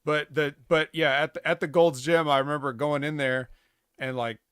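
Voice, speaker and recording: A man's voice: fairly high pitch, steady tone, normal speed, fairly bright tone, smooth, no echo, clean studio sound. Rambling man with many "like"s. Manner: rambling, filler-heavy, full of "like". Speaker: podcast co-host. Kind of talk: casual chat.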